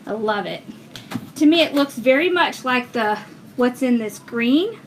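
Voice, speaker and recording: A woman's voice: fairly high pitch, lively intonation, a little slow, a little hiss or hum. A woman, chatting casually as she teaches wreath making on a livestream, working and reading viewers' comments aloud as she goes. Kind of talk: casual livestream craft tutorial.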